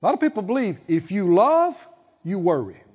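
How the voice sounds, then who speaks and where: Man, preacher, sermon, very high voice, lively pitch, muffled hall recording. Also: brisk, breathy edge. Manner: emphatic, acts out quoted voices, rises to loud peaks. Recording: dull, reverberant hall sound.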